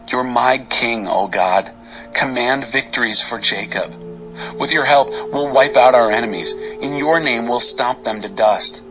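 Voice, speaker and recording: A man giving an expressive, dramatic reading of Bible psalms over faint music. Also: medium pitch, low-quality recording. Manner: expressive, varied delivery. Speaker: scripture reader.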